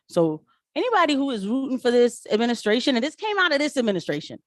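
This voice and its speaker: Animated woman ranting to her viewers. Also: fairly high pitch, quick pace, no echo, studio quality. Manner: animated, talks back to viewers, mocks voices in quotes. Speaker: political commentary vlogger. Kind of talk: casual live-stream commentary.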